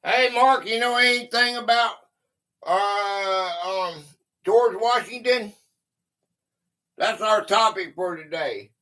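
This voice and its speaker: Man, livestream host, high voice, unhurried, chatty. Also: pushed and bright. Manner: chatty, greets viewers by name, thinks aloud. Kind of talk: casual livestream chat.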